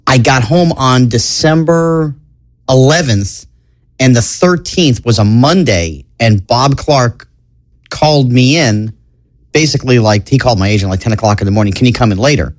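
A man from New York chats as a podcast guest and tells long stories. His voice sits at a middle pitch, recorded close and dry. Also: lively intonation, moderate pace, dry recording. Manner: chatty, tells long anecdotes. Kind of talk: casual interview storytelling.

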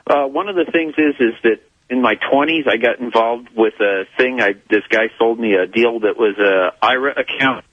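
A man calls in to a talk show, rambling and halting, tripping over his words. His voice is slightly husky, and it comes through a dry, dull, muffled phone line. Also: mid-range voice, no echo. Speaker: caller. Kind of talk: call-in talk.

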